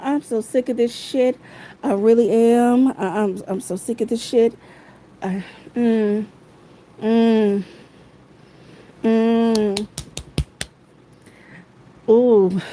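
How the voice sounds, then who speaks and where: A woman's voice: a little high, darkish tone, rough recording. A woman in a heated, profane livestream rant, repeating her phrases over and over, talking into her phone.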